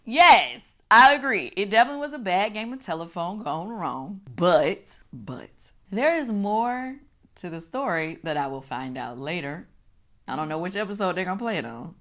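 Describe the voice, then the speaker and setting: A middle-aged woman hosting a casual recap chat, animated and swearing, acting out her own reactions. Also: on the low side, normal speed. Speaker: show host.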